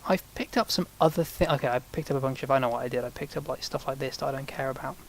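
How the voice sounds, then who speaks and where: A man's voice: mid-range voice, very fast, a little hiss or hum. A man casually commenting on the game he is playing, rambling along with self-mocking asides. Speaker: gaming channel host. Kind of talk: casual let's-play commentary.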